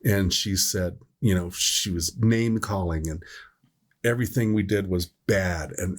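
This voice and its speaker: A man's voice: low voice, measured pace. A middle-aged man on a medical podcast, telling a long story in casual chat, often stopping to correct himself. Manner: rambling, self-correcting storyteller. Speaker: podcast host, EMS worker.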